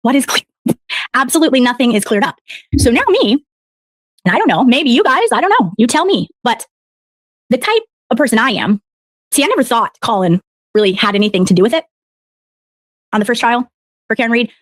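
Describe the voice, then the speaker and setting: A woman's voice: on the high side, expressive, brisk, long pauses, no echo. A woman commentator on a live stream, rambling and exasperated as she recounts events. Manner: exasperated, rambling, quotes others in mock voices. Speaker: online commentator.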